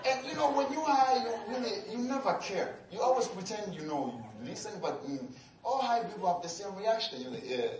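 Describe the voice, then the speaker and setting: A young man from Tanzania doing stand-up, telling a story in an animated way, acting out quotes and often laughing as he talks. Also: sits high, a little fast. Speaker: stand-up comedian. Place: large venue with live audience. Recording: echoey live venue, distant mic, loud crowd and noise.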